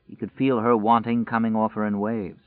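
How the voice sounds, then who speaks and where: An audiobook narrator reads a novel in a measured, even storyteller's voice pitched slightly low. The sound is completely dry with no echo, squeezed into a narrow, tinny band like a phone line.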